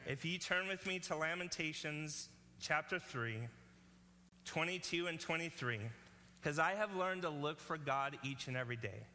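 A man's voice: fairly high pitch, expressive, moderate pace, bright, forceful tone, long reverb tail, a little hiss or hum. A male pastor preaching a sermon in an earnest, conversational way, often checking in with the congregation.

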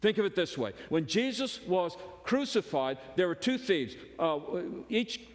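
A man preaching a sermon as pastor, emphatic, moving between loud urgency and hushed intensity. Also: high voice, sing-song, unhurried, in a large hall.

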